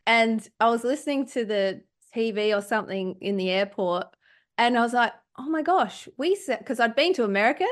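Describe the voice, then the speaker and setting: A woman's voice: fairly high pitch, animated, brisk. An Australian woman hosting a podcast, chatting casually in a bubbly, effusive way and laughing often. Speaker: podcast host. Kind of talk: casual chat.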